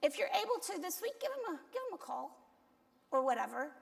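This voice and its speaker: A woman's voice: very high voice, very animated, brisk, vocal fry. A woman pastor giving a conversational sermon, telling candid, self-deprecating stories. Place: church sanctuary. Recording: long echo of a large church hall.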